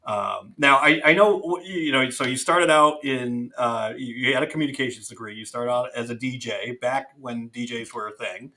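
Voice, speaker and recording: A man's voice: medium pitch, normal speed, few pauses, bright, forceful tone. A man hosting a podcast interview, asking friendly questions and teasing his guest a little. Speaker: podcast host. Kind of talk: casual interview.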